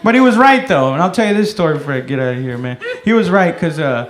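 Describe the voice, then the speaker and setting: High-voiced comic in an echoey club. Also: male voice, lively intonation, fast talker. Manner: laid-back storytelling, swears often, shouts the sergeant's lines. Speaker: stand-up comedian. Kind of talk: stand-up comedy set. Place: comedy club stage. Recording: echoey comedy club with loud laughter.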